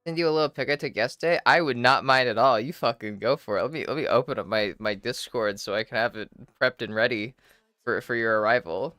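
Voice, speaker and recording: A woman livestreaming, chatting casually with her viewers and answering their messages in a relaxed, shy, giggly way with plenty of swearing. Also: rumbling low, quick pace, dry recording, clean studio sound. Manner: reads and answers chat messages. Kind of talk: casual chat with stream viewers.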